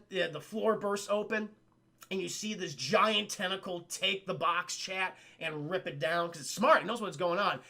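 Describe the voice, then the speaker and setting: A man recapping a film for his stream chat in a casual, excitable and profane way, often speaking to the chat directly. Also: sits high, gravelly. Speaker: livestream film reviewer.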